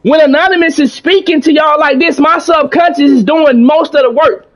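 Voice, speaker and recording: High-voiced man preaching to his chat. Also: moderate pace. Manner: preachy, motivational, repeats himself, reads out chat. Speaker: streamer talking to his live chat. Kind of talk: casual livestream chat.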